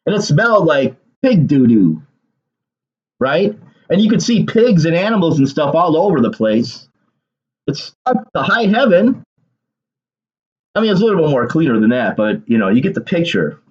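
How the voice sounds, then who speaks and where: A man's voice: fairly high pitch, sing-song, a little fast, darkish tone, slightly rough, highs cut off. A man doing casual political commentary on his vlog, reading aloud and then ranting emphatically with bursts of laughter.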